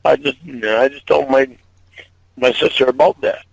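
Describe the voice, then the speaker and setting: A man on a private phone call, holding back tears, halting and repeating himself and swearing often. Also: mid-range voice, gravelly, no echo. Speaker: caller.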